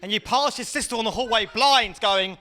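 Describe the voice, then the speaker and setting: A man's voice: high-pitched, brisk, bright, forceful tone. A man with an English accent doing a stand-up comedy set, rambling and self-mocking, laughing often. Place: small hot enclosed room.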